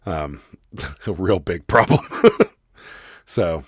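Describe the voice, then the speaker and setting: A man co-hosting a casual live stream, hoarse from losing his voice, chuckling as he reads viewer comments aloud. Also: low-pitched, big pitch swings, extremely slow, dry recording, clean studio sound. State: hoarse, voice mostly lost. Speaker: co-host of a live resale stream.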